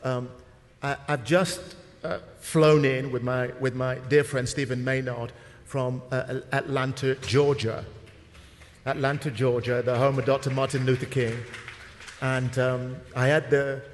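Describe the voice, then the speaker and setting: A man's voice: mid-range voice, level tone, unhurried. A man moderating a panel, talking to the audience in an affable, informal way. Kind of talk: speech to a conference audience. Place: large conference hall. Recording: reverberant hall with faint noise.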